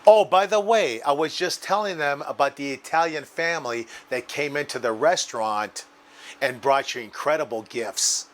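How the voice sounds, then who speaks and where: A man's voice: a little high, moderate pace, fairly bright tone, a little hiss or hum. A man hosting a home cooking show, walking viewers through a recipe and telling a restaurant story with enthusiasm. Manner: enthusiastic, addresses viewers as guys. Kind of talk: cooking demonstration and anecdote.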